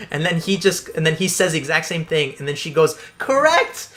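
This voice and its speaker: A young man hosting a casual gameplay video, telling a school story in an animated way, swearing and laughing along. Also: a little high, normal speed, a little hiss or hum. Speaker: let's play host. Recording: faint background game music.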